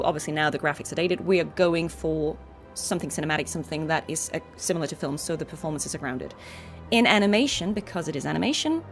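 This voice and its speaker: Female VO streamer, young adult, lowish voice, chatty explainer, faint music under. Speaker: voice actor and gaming streamer. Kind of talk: casual gameplay commentary.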